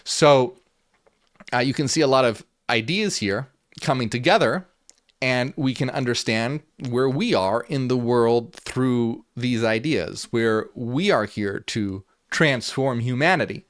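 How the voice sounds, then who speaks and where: A man's voice: medium pitch, a little slow, no echo, clean studio sound. A man hosting a talk, reading ancient passages aloud and explaining them in an earnest way that repeats itself and restarts. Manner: switches between reading passages aloud and casual paraphrase. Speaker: channel host.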